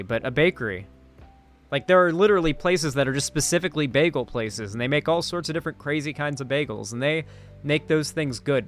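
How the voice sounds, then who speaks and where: A man's voice: on the high side, a bit bright. A tired man chatting casually on a live stream, rambling and full of fillers. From United States. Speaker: streamer and commentator.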